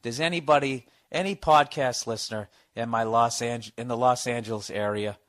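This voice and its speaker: A man's voice: medium pitch, steady tone, normal speed, a bit bright. A man hosting a podcast, telling a comic story in a profane, exasperated rant. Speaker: podcast host. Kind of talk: comedic storytelling monologue.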